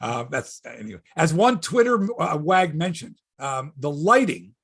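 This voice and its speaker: Raspy, animated man rambling about sports. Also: on the high side, a little slow. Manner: rambling, profane, wry sports banter. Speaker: sports podcast host. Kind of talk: casual chat.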